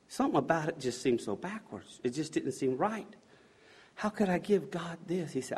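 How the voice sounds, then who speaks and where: A man giving an earnest spoken faith testimony, halting and restarting his words and often dropping to a soft hush. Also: a little high, expressive, slightly rough. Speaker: speaker giving a personal testimony.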